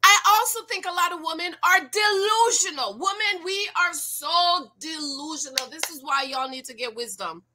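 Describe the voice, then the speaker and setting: Bright-voiced woman giving animated commentary. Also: very high voice, moderate pace, few pauses. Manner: animated, preachy, rhetorical questions to viewers. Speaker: YouTube commentator. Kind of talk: casual reaction commentary.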